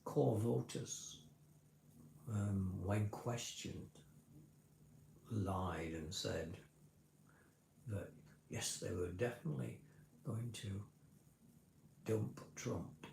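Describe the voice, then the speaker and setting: A man's voice: sits low, takes it slowly, gravelly, pauses often, reverberant, background noise. A man vlogger talking casually to a livestream in a rambling, explanatory way, often restarting his sentences. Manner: rambling, self-correcting, explanatory.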